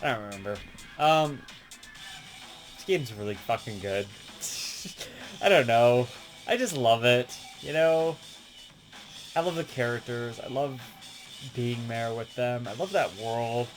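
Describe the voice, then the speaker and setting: A gaming channel host rambling casually and excitedly about a favorite game, swearing a lot and laughing often, with faint music behind. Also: mid-range voice, slow, pauses often.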